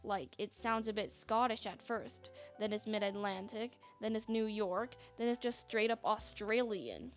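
A woman's voice: medium pitch, fairly even intonation, measured pace, hardly any pauses. A woman narrating a story in a chatty manner, with sarcastic asides. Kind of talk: scripted narration. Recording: faint music bed.

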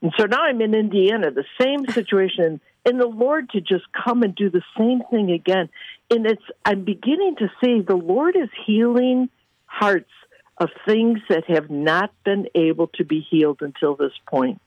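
A woman minister, a guest, telling faith testimonies in an animated way and acting out the people she quotes. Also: medium pitch, moderate pace, no room sound, highs cut off. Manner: animated, acts out quoted voices. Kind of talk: testimony storytelling.

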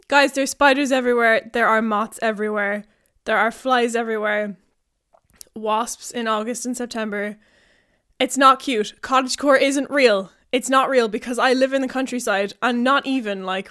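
A young woman hosting a podcast, rambling and giggly as she tells stories in a casual solo chat. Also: high voice. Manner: giggly, rambling, animated storytelling. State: out of breath. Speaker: podcast host. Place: house in the countryside.

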